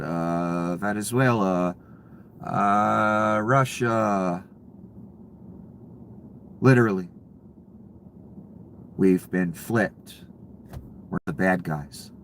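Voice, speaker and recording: A man's voice: lowish voice, a bit bright, a little hiss or hum. A man giving sarcastic, profane reaction commentary on news clips. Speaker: political commentator.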